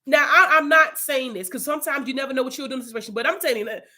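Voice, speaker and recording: Bright-voiced woman leading Bible study. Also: high voice, rapid-fire. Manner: casual, chatty, tells a personal testimony. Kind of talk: informal Bible study teaching.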